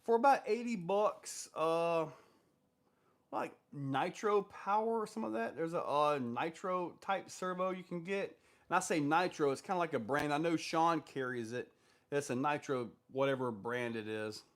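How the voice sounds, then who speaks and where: With a fairly high pitch and a slightly slow delivery, a man running a casual live stream reads comments from viewers aloud. His responses ramble, loose and heavy with fillers.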